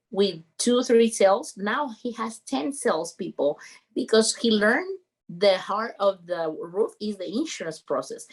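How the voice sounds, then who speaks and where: This earnest, medium-pitched woman is the founder of a roofing company, appearing as a guest on a podcast. Speaking English with non-native grammar, she gets animated while sharing an emotional story during the conversation.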